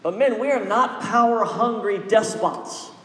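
A man delivers a sermon in a fairly high voice, pressing his point again and again with an exhorting preacher's cadence. The sound is roomy, with a long reverb tail from a large hall. Faint ambient noise sits underneath. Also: measured pace, bright, forceful tone. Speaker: pastor.

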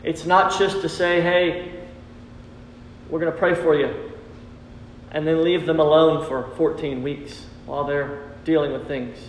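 A man's voice: a little high, fairly even intonation, a little slow, pauses often, a little hiss or hum. A man preaching a sermon as pastor to his congregation, earnest and repetitive, calling on listeners to respond. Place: church sanctuary. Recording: roomy hall reverb.

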